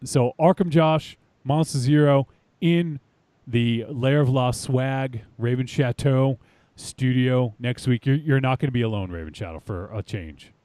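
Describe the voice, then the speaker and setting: A man's voice: medium pitch, unhurried, warm tone, dry recording. A man hosting a podcast, chatting casually in an upbeat, rambling way. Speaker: podcast host. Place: home studio.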